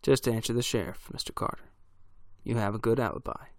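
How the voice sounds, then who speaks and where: A man voicing a calm, older male townsman who speaks in a soothing, reasonable way. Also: mid-range voice, fairly quick, dry recording, studio quality, close to an everyday voice.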